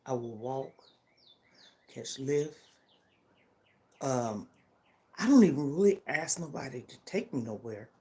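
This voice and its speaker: Older lady chatting on her vlog, low mellow voice, real earnest, keeps asking okay?. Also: lively intonation, slow pace, pauses often. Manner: emphatic and heartfelt, keeps checking in with "okay?". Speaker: vlogger. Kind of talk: casual personal vlog chat.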